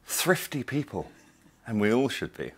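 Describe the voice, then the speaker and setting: A man's voice: medium pitch, big pitch swings, measured pace, fairly bright tone, husky. A middle-aged man, hosting a casual cooking demonstration in his home kitchen, chatty, digressive and enthusiastic. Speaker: cooking show host.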